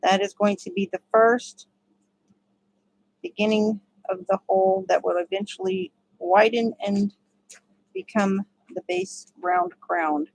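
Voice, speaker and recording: A woman's voice: medium pitch, expressive, a little slow, creaky, no room sound, low-quality recording. A woman giving a casual step-by-step crochet tutorial, chatty and laughing often. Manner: chatty, laughs often, talks to her dogs.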